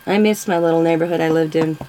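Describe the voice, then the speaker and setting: A woman's voice: sits low, steady tone, quick pace, dark tone, a little hiss or hum, poor audio. A woman vlogger chatting casually with viewers, telling rambling stories and answering comments. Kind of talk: casual live-stream chat.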